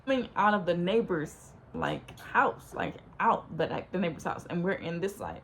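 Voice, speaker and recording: Young LA woman telling a story time, gravelly fry in her voice, says like every other word, faint noise behind. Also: on the low side, moderate pace. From Los Angeles. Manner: rambling, says "like" constantly, animated. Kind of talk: casual storytime.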